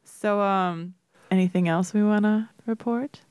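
A woman's voice: medium pitch, a little slow, a little mellow, smooth, no echo. A woman co-hosting a podcast in casual, rambling chat full of fillers. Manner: chatty, rambling with many fillers. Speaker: podcast co-host.

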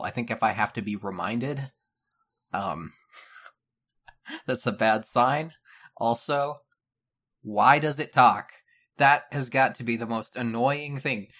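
A man's voice: mid-range voice, a little slow, a bit bright. A man co-hosting a casual podcast, making dry, skeptical comments about the product. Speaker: podcast co-host.

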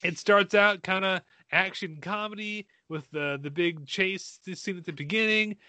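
A man's voice: high-pitched, a little slow, sharp tone, dry recording. A man co-hosting a casual movie-review chat, ranting in an exasperated, profane way. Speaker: podcast co-host.

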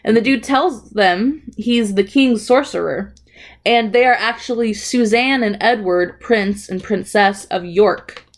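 A young woman chats loosely about a show, stringing the story together with "like" and "um". Her voice sits at an ordinary middle pitch. She sounds offhand and profane. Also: unhurried. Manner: rambling, profane storytelling with frequent fillers. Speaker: podcast co-host recapping a TV episode. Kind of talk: casual chat.

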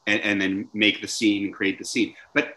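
A man from Canada hosting a talk show, chatting in a lively way with frequent restarts. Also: lowish voice, moderate pace. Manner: animated, chatty, many restarts. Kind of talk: casual conversation.

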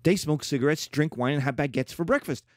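A middle-aged man teaching a classroom lecture in an emphatic, animated way, slipping into playful mock voices. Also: on the high side, fast, no echo, studio quality. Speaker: history teacher.

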